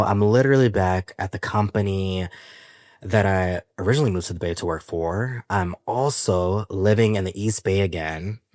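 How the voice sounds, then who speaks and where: A man with a lowish voice hosts his podcast solo, chatting in a loose, playful, animated way and laughing often. The sound is dry and close, with no room around it. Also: no room sound. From San Francisco Bay Area. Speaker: podcast host. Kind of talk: casual solo podcast chat.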